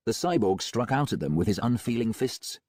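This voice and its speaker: A man narrating a first-person audiobook in a grim, measured way. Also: medium pitch, expressive, a little mellow, no room sound, studio quality.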